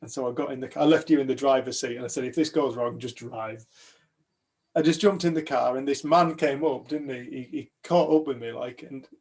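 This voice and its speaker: Animated British male storyteller, gravelly voice, acts out the dialogue. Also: medium pitch, a little fast. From United Kingdom. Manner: animated storyteller, acts out other people's lines. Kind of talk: telling a personal story to a group.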